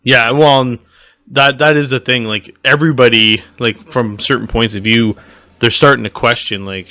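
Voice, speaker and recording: Bright-voiced man in casual book chat. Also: medium pitch, normal speed. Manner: animated, acts out characters' reactions. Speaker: podcast co-host.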